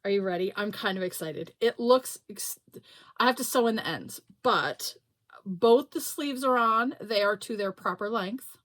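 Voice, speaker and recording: A woman's voice: medium pitch, unhurried. A middle-aged woman hosting a knitting podcast, chatting casually and laughing at herself as she shows her projects. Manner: chatty, self-deprecating, laughs often. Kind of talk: casual show-and-tell chat.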